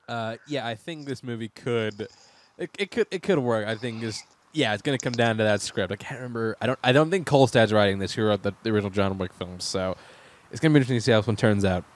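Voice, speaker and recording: A man's voice: on the low side, fast talker, slight background noise. Joking young man hosting a chat. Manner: joking, laughs often, stumbles and restarts. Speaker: podcast host. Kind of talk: casual chat.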